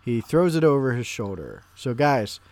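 A man's voice: medium pitch, sing-song, moderate pace, a little mellow, no room sound. Man recapping scenes as podcast host. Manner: recaps scenes and prompts others. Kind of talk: casual movie discussion.

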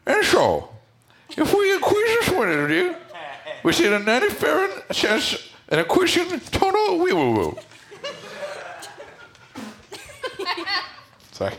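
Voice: medium pitch, wildly swooping pitch, takes it slowly, a crowd in the background. A performer playing a nervous husband who dodges his wife, flustered and mumbling in an improv comedy scene.

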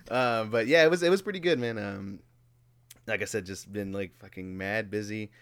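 A man's voice: on the low side, a little slow, a bit bright, dry recording. Laid-back swearing young man. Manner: laid-back, swears freely, laughs often. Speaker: podcast host. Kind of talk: casual chat. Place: warm home room.

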